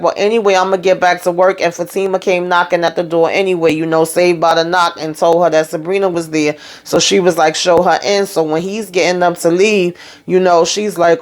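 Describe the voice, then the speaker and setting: A woman's voice: on the low side, darkish tone. A woman hosting a casual TV recap, chatting loosely through the scenes and acting out the characters' lines as she retells them. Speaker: TV show recap host.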